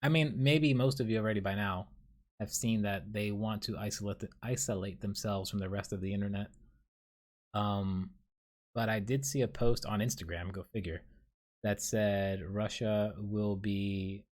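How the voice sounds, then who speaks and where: A man's voice: fairly low pitch, fairly even intonation, moderate pace. A young man from New City, hosting a casual solo podcast and telling a dream in a rambling, profane, self-deprecating way. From New York City. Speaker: podcast host.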